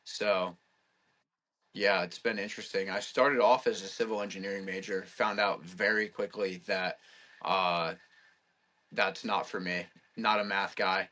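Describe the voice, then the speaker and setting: Young man, deep low voice, bright tone, casual rambling chat, lots of fillers. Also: fairly even intonation, measured pace. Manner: rambling, heavy filler words. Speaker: podcast guest.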